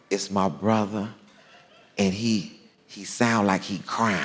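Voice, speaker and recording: A man telling a long story on stage as a stand-up comedian, drawling and animated, with deadpan punchlines. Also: lowish voice, slow pace, pauses often. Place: large theater stage. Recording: long hall reverb, faint crowd ambience.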